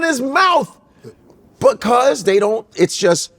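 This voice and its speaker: High, animated man ranting comedically. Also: brisk. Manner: animated, ranting, incredulous outbursts. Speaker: podcast co-host. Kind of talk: casual comedic chat.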